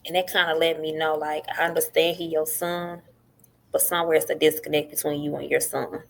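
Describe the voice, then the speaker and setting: Her voice sits low and a little creaky, and she talks a little fast. This middle-aged podcast guest shares her story casually and animatedly, voicing what other people said.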